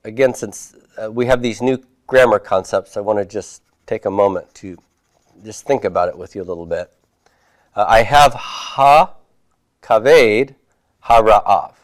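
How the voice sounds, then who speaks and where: A man's voice: fairly low pitch, a little slow, no room sound. A man teaching a Hebrew class, reviewing homework and patiently asking his students questions before answering them himself.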